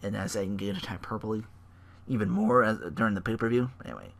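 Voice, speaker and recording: A man hosting a solo podcast, recapping in a rambling, profane, excitable way. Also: lowish voice, fast talker, vocal fry. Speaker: podcast host.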